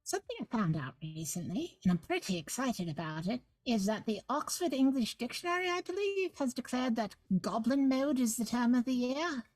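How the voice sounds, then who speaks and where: A woman's voice: a little high, lively intonation, moderate pace, hardly any pauses, a little mellow, no room sound, soft background music, low-quality recording. A woman running a tabletop game as guest game master, chatting in a playful, joking, rambling way on a livestream. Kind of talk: casual livestream chat.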